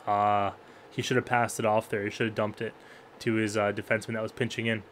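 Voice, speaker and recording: A man giving excited play-by-play commentary on a hockey video game. He talks to the players on screen, jumps to loud, high-pitched yelling at big plays, then drops to low mutters. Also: fairly quick, slight background noise. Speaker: gaming YouTuber.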